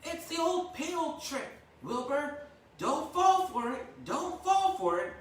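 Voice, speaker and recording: A man voicing a shrill, honking goose. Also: very animated, slow pace, slight background noise, heavily acted. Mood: urgent warning. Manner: shrill, pleading repetitions. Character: fussy honking goose, alarmed and insistent. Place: home kitchen. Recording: echoey room, mic far off.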